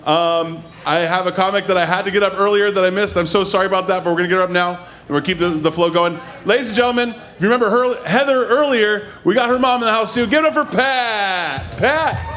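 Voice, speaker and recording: A man's voice: high voice, fairly even intonation, fast, hardly any pauses, a bit bright. A man hosting a comedy night, energetically introducing comics between sets on a club stage. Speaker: comedy show host. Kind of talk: emceeing.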